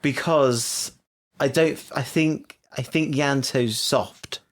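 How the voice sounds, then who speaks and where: A man's voice: mid-range voice, takes it slowly. A man co-hosting a podcast, chatting animatedly and gushing with laughter. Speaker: podcast co-host. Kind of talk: casual chat.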